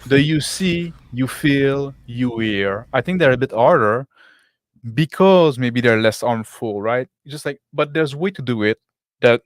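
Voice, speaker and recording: Halting non-native-English man, dry sound. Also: mid-range voice, animated, no room sound. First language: not English. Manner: halting, restarts phrases, non-native grammar. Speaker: game master and podcast host. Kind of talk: casual discussion.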